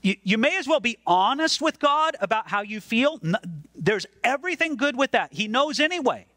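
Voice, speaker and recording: A man's voice: very high voice, sing-song, moderate pace, sharp tone, dry recording, studio quality. A man preaching a sermon as pastor, earnest and emphatic, repeating words as he stresses a point.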